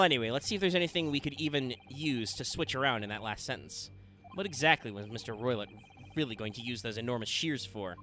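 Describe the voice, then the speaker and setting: Bright-voiced man narrating gameplay. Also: medium pitch. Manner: chatty, thinking aloud. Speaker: let's play host. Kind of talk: casual gameplay commentary.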